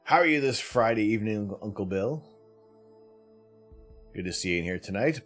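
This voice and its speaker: A low-voiced man hosts a live stream and talks easily with his viewers. He greets each one by name and laughs often. Faint music plays underneath. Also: expressive, moderate pace, a bit bright. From Canada. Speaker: livestream host.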